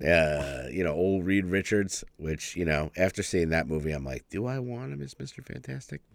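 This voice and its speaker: A man's voice: low voice, animated, normal speed, creaky, dry recording. A man co-hosting a podcast in casual chat, joking crudely and swearing freely. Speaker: podcast co-host.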